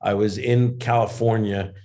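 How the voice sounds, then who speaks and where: A comedian guest telling an animated, self-deprecating anecdote in a casual interview. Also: male voice, on the low side, a little slow.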